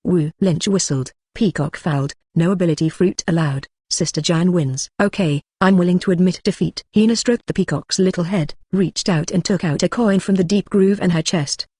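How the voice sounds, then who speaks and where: Dry, even synthetic audiobook narrator. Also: medium pitch, no room sound. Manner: even synthetic reading, spells out symbols and sounds literally. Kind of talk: scripted narration of a translated web novel.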